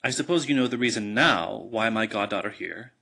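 A man doing a brisk old fairy godmother. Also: fairly low pitch, animated, gravelly, slightly rough, full character voice. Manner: sharp and brisk. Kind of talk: storybook reading.

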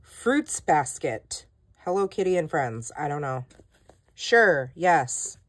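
A woman's voice: low-pitched, very animated, takes it slowly, dry recording. A woman hosting a casual haul vlog, chatty and self-deprecating, with lots of "like" and "um", often laughing at herself. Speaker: planner channel host.

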